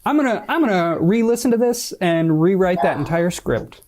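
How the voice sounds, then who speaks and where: Emphatic higher-voiced man on a podcast. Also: animated, normal speed, darkish tone. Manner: emphatic and blunt, swears freely. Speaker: podcast co-host. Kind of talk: casual chat.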